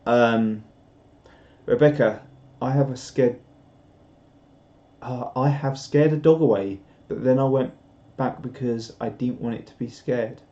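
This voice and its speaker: A man chatting loosely on a live stream, rambling and self-deprecating with lots of restarts. His voice is mellow and warm, in the middle of the male range. The audio is dull and lo-fi. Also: medium pitch, a little slow. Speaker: live streamer reading viewer chat. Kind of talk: casual live-stream chat.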